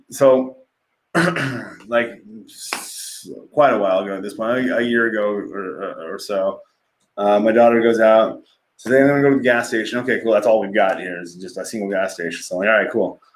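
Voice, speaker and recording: A man's voice: lowish voice, fairly even intonation, normal speed. A middle-aged man, a podcast guest, telling candid and profane personal stories in a casual conversation, laughing often. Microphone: livestream podcast mic.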